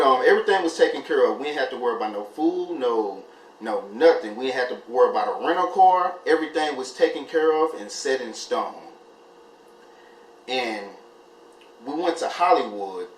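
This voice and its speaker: Male vlogger, animated storyteller, echoey room with light hiss. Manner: animated, jumps high when acting out his own panic. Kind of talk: casual storytelling. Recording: echoey room, mic at a distance, faint hiss.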